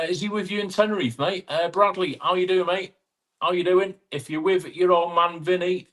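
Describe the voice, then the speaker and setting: A man's voice: medium pitch, fairly bright tone. A man hosting a casual live stream, greeting viewers by name and teasing them in friendly banter. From England (Chester).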